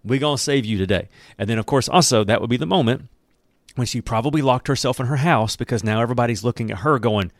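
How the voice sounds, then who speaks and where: A man leads an animated Bible study, mixing scripture reading with playful retellings in which he acts out the characters. His voice sits at an ordinary middle pitch. The sound is dry and close, with no room echo. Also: quick pace. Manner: animated storyteller who acts out characters' lines and laughs often. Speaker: Bible teacher.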